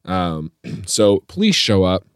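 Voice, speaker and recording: A man with a fairly low voice tells a comic story as a podcast host, breaking into laughter again and again. The sound is close and dry, with no room around it. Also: slow pace, smooth, no room sound. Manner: animated, laughs often while telling the story. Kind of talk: comedic storytelling.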